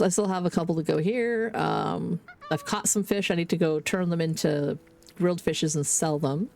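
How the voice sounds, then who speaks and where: A woman's voice: fairly low pitch, creaky, darkish tone. A Canadian woman streaming a game, chatting candidly and swearing freely, with rambling restarts. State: under the weather. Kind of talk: casual gaming stream chat.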